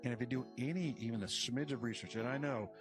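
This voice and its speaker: A man's voice: medium pitch, fast, music in the background. A man ranting on a podcast, swearing and scattering "you know" through his talk. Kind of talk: podcast rant.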